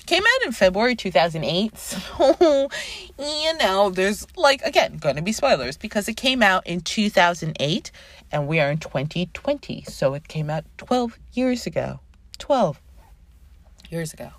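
A woman podcast host in her thirties talks casually into a close mic, her pitch swinging widely as she chats. She is animated and easily sidetracked, with the odd swear word, and the sound is dry and close with no room around it. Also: measured pace, no room sound. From Canada. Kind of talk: casual chat.

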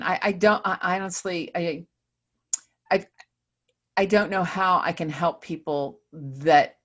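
A woman's voice: low voice, fairly bright tone. A woman interviewer asking reflective questions, often hesitating and searching for her words. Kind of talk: conversational interview.

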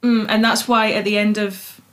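Young Scottish woman, a singer guest, chatty and expressive, mid-pitched voice. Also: moderate pace. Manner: chatty, expressive, laughs easily. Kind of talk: casual interview chat.

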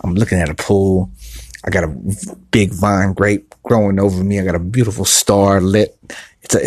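Man podcaster, husky and low, speaking softly into a phone outdoors, earnest and repetitive. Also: dry recording, studio quality. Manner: earnest, repetitive, restarts often. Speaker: podcast host. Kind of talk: casual motivational talk. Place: outdoor patio by a pool at night.

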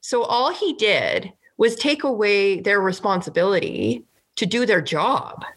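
A woman's voice: mid-range voice, big pitch swings, measured pace, fairly bright tone. A woman from Canada, a provincial legislator, talking earnestly and indignantly in a casual political podcast, with many "like" fillers.

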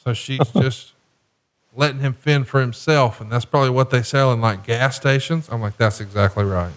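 A man's voice: medium pitch, steady tone, normal speed. A man hosting a casual podcast, joking and profane as he tells stories and calls wrestling action. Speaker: podcast host. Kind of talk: casual chat and wrestling commentary.

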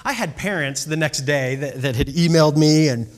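A man with a somewhat high voice tells a story that builds toward a lesson, speaking as a youth baseball coach. His delivery is animated and conversational, and he keeps checking in with his listeners. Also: moderate pace.

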